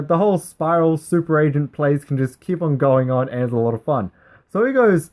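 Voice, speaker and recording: A man giving casual, rambling commentary over a replay of a card game duel, often laughing as he goes. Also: fairly high pitch. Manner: rambling, giggly, excitable.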